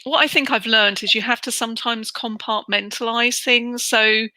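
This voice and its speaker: Middle-aged British woman, interview guest, chatty and bright, dry close sound. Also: fairly high pitch, normal speed, dry recording. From United Kingdom. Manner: chatty, animated, acts out quoted voices. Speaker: interview guest, relocation trainer. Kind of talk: casual interview chat.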